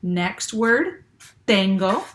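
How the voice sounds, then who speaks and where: A woman teaching young children, speaking slowly and clearly and checking often with "okay?". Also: mid-range voice, big pitch swings, slight background noise. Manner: patient, slow and clear, with many "okay?" checks. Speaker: Spanish teacher. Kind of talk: classroom lesson for children.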